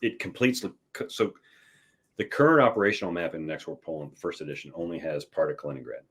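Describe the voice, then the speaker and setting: A man's voice: extremely low pitch, lively intonation, fast talker, a bit bright, slightly rough. A man who designs war games, explaining at length as a guest in a casual chat, with restarts and "right?" tags.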